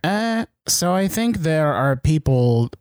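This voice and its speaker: A player on a tabletop game podcast, incredulous and animated in casual talk. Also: mid-range voice, slow pace, no echo, clean studio sound.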